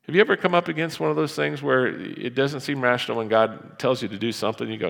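A pastor's low, creaky voice moves a little fast with barely a pause, carrying the sound of a large church. He delivers his sermon conversationally and with energy, acting out the Bible characters.

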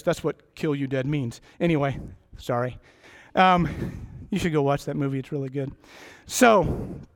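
High-voiced man preaching a sermon. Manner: rambling, self-deprecating, jokey asides. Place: church.

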